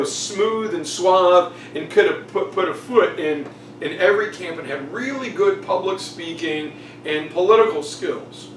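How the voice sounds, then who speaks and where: A man's voice: a little high, echoey room, recorded from a distance, a little hiss or hum, low-quality recording. A man teaching a casual exam review, jokey and chatty, acting out quotes. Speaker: history teacher.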